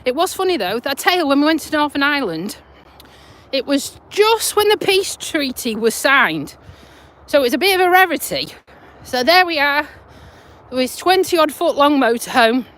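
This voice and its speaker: A woman's voice: sits high, a bit bright. A woman in her forties from the UK, chatting and rambling on a live stream while walking her dog outdoors, talking into a phone. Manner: chatty, rambling, laughs easily. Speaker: vlogger. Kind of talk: casual live-stream chat.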